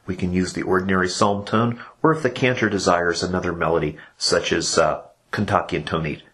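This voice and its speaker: A low-pitched, slightly bright male voice explains step by step how cantors lead a church service. It's a patient instructional podcast, and he breaks into chanted examples along the way.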